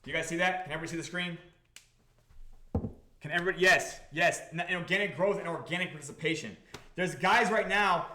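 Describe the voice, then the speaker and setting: A man with a high, bright voice hosts a live stream, talking fast and loose to chat. He swears freely and keeps checking that his listeners follow him. The echo of the room around him carries on the recording. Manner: animated, profane, repeats himself, keeps asking the audience if they follow. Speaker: crypto project founder hosting a live stream.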